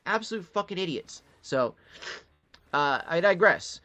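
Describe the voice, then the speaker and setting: A vlogger from Detroit, Michigan, tells a casual story as a monologue, swearing freely and acting out the voices of the people he quotes. His voice is fairly high, animated, brisk, and a bit bright, with soft music in the background.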